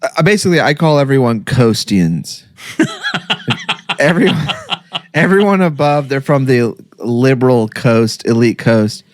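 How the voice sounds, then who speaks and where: A man's voice: medium pitch, big pitch swings, a little slow. Laughing, joking man in casual podcast chat.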